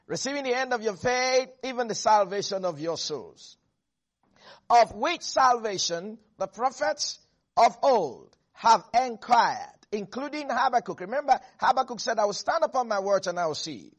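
High-voiced man preaching a sermon. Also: lively intonation, moderate pace. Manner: emphatic, calls on congregation to repeat phrases.

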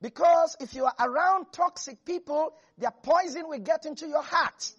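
A preacher giving an animated sermon, repeating lines for emphasis and laughing often. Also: high voice, normal speed, dull audio. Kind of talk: lively sermon.

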